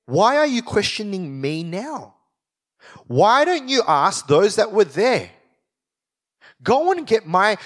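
A man speaking as a calm but indignant man on trial, retelling his plea in his own words. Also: high-pitched, exaggerated voice. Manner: exasperated pleading retelling.

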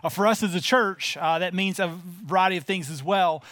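High-voiced folksy pastor preaching. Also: male voice, a little fast, a bit bright, dry recording. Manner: conversational, folksy, with frequent filler uhs. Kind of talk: sermon. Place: church.

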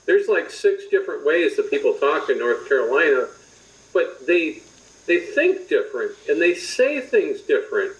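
Casting: man from Wisconsin, high and very lively pitch, playful family storyteller. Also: normal speed, low-quality recording. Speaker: podcast co-host. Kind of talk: casual family chat.

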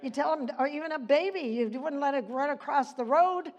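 A woman's voice: high voice, brisk, muffled recording. An older woman leading an informal church Bible study, chatty and rambling, laughing often between points.

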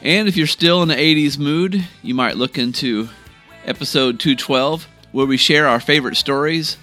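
A man's voice: on the high side, moderate pace, sharp tone. A man hosting a podcast, thanking contributors and pointing listeners to an older episode. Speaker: podcast host. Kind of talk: show outro. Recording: music bed behind. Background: faint guitar music.

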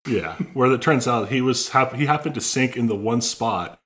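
A man co-hosting a casual movie podcast, joking and telling scenes in an animated way. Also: medium pitch, normal speed. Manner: joking, animated storytelling with laughs. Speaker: podcast co-host.

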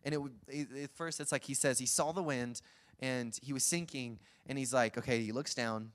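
A man preaching a sermon, retelling scenes in a lively, chuckling way. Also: medium pitch, normal speed. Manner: lively storytelling, acts out scenes, chuckles often.

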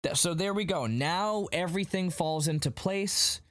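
A man's voice: sits high, moderate pace, no echo. Casual man recapping an episode. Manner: animated retelling, paraphrasing characters' lines. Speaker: podcast host recapping a TV episode. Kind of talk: casual chat.

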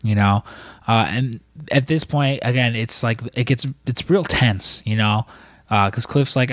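A man's voice: medium pitch, unhurried, dry recording, studio quality. A man recapping a film in casual, rambling talk, full of fillers and swearing. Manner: rambling, profane, lots of fillers. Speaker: podcast co-host.

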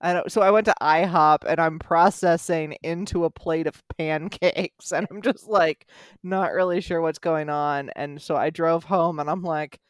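A young American speaker in their twenties tells stories in casual podcast chat, talking fast and with a lot of energy. They often stumble and restart mid-sentence at a middling pitch. The sound is dry and close, with no room echo. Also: clean tone. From United States. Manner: quick, animated storytelling with many restarts.

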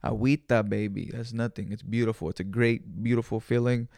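Gravelly man telling a slangy story. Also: on the low side, brisk, dry recording, clean studio sound. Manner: animated, profane and slangy, sprinkling in Spanish words. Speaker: podcast host. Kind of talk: casual storytelling monologue.

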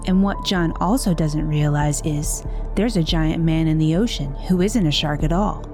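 Woman, trailer voice-over, slightly low pitch, clear music underneath. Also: normal speed. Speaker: trailer narrator.

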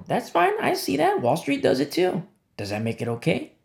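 A man preaching a sermon as pastor, swinging between low, hushed lines and sharp, high exclamations. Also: wildly swooping pitch, a little fast, creaky.

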